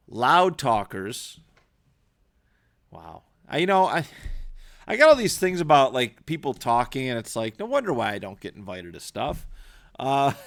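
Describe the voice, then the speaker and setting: A man's voice: medium pitch, fairly bright tone. A man hosting a podcast, talking casually and emphatically, restarting his sentences often as he rambles. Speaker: podcast host. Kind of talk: casual solo podcast talk. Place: small recording studio.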